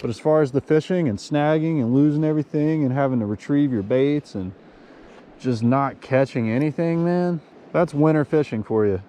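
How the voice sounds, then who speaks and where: A man talking casually to his camera beside a winter creek, soaked and freezing. His voice is mellow and darkish at an ordinary pitch. Faint outdoor noise runs under the camera mic. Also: moderate pace. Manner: excitable, slangy, says yo and dude. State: cold and soaked. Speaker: fishing vlogger.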